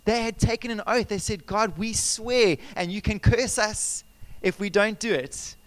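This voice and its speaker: A man preaching a sermon as pastor, animated and conversational, asking his congregation questions and telling personal stories. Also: high-pitched, a little slow, dry recording. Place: church service.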